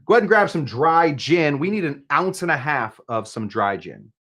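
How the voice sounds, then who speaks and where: A man's voice: on the high side, very animated, normal speed, a bit bright. A man hosting a casual livestream cocktail demo, chatty, with jokey asides and frequent restarts. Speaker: bartender and show host.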